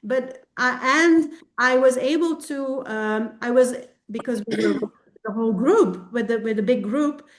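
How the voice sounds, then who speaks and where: Higher-voiced woman telling a candid story. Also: measured pace. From Belgium. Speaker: coaching group participant. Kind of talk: personal account on a group coaching call. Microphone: video call.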